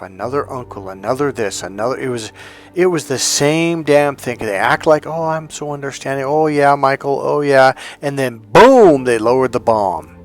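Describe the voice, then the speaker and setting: A man giving an intense, blunt and profane motivational talk as a relationship coach. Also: mid-range voice. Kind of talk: motivational vlog monologue.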